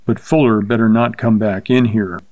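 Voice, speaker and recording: Western saddle maker, big and quick to anger, in an audiobook; a man acts it. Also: on the low side, fairly even intonation, darkish tone, highs cut off, lightly acted. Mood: calming. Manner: gritted, angry, blunt. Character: big, hot-tempered young saddle maker.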